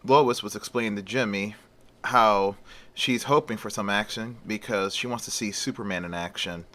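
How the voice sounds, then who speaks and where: A man narrates a story in a loose, conversational way, as if telling it to a friend. His voice sits low but sounds bright and forceful. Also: normal speed. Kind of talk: casual story retelling.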